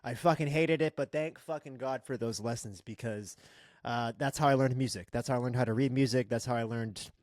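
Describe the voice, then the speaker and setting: A man's voice: medium pitch, brisk, a little mellow, no room sound, studio quality. A man from Boston, a videographer, talking as a podcast guest in a candid, joking way and swearing freely. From Boston, United States. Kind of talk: casual podcast interview.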